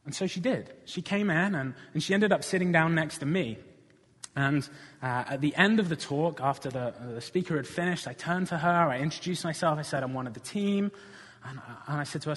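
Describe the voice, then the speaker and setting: A man's voice: fairly high pitch, fairly quick, a bit bright, breathy edge. A man preaching a sermon, telling a personal story with earnest conviction and then building to passionate appeals to the congregation. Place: church. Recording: reverberant church hall.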